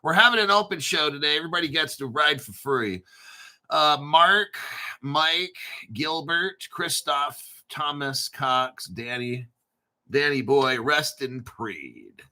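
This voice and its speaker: A man's voice: on the high side, slow, sharp tone. A middle-aged man hosting a livestream, chatting casually and rambling with profanity and frequent laughter. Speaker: livestream host.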